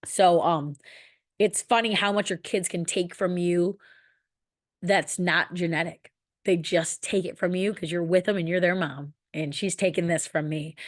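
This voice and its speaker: In a dry, studio-quality recording, a woman in her thirties with a lowish voice hosts a podcast. Her personal monologue is candid and emotional, with casual swearing.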